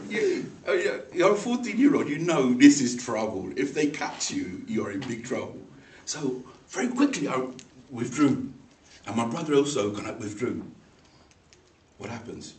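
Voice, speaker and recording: A man giving a humorous personal story as a speech, animated and acting out the people in it. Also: medium pitch, normal speed. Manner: animated, acts out voices in the story, laughs along. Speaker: speaker at a speaking club. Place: meeting room. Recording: echoey room, mic far off, faint noise.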